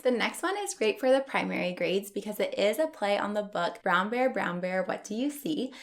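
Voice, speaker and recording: A young adult woman, an elementary school teacher, explaining classroom routines step by step in a clear, upbeat instructional tone. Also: medium pitch.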